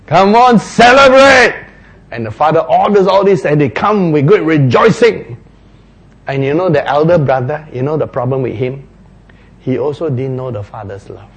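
A man preaching in a husky, high-set voice that swings in pitch as he retells a story. He speaks slowly and playfully, acting out scenes as he goes. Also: lively intonation, darkish tone. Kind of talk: sermon storytelling.

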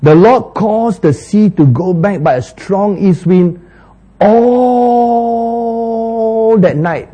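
A man's voice: high voice, expressive, slow pace, mellow, slightly rough. A man preaching a sermon, laughing often and acting out biblical dialogue with sudden jumps in his voice.

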